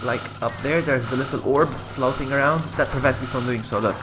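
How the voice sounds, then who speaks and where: A man streaming a game live, commentating casually, laughing often and yelling when the game beats him. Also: mid-range voice, fairly quick. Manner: excitable, laughs often, yells in frustration. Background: game music.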